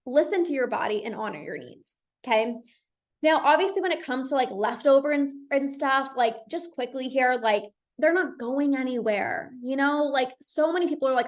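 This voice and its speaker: A woman's voice: high voice, animated, moderate pace. A young woman hosting a solo podcast as a binge eating coach, talking casually and reassuringly, with lots of "like". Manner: chatty, says "like" a lot, reassuring.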